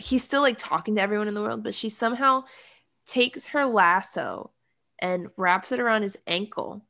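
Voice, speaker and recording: A woman chatting casually about a film, her voice settling into a gravelly vocal fry. She rambles wryly and leans on "like" between every thought. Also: mid-range voice, bright, forceful tone. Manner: rambling, full of "like" fillers, wry. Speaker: podcast co-host recapping a film. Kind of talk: casual chat.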